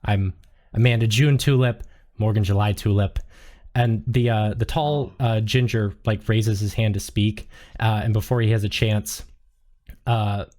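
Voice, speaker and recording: A man narrating a tabletop game as game master, relaxed and full of fillers. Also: fairly low pitch, a little slow.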